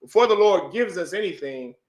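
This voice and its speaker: A man's voice: high-pitched, expressive, fairly quick. A man teaching a religious class, pressing his listeners with repeated rhetorical questions and calling on them for answers. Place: room with audience. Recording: echoey room.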